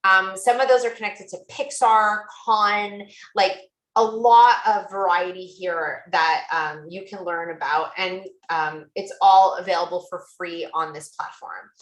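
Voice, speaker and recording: A woman's voice: medium pitch, steady tone, unhurried, fairly bright tone, reverberant, low-quality recording. A woman presenting a tool demo over a video call, chatty and gushing, with many fillers. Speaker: guest presenter.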